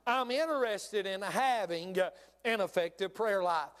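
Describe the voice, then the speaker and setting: A man's voice: sits high, unhurried, a bit bright, smooth, long reverb tail. A middle-aged man preaching a sermon in a church, folksy and repetitive, with many "uh" fillers and sudden emphatic bursts. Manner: folksy, repeats phrases, frequent "uh" fillers, rising emphatic bursts. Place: church sanctuary.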